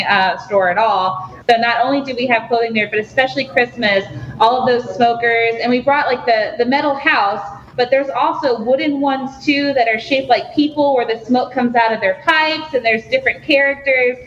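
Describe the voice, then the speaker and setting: A woman's voice: fairly high pitch, fairly bright tone, lo-fi sound, a little hiss or hum. A woman visiting a radio show as a guest, explaining products in a friendly way. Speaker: studio guest from a local store.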